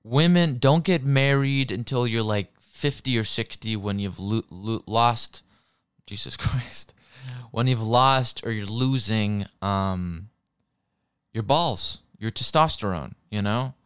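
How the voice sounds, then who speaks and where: Twenties male, profane ranter, smooth resonant voice, dry close mic. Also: on the low side, slow pace, dry recording. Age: 20s. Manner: crude, swearing, worked-up ranting. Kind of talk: profane comedic rant.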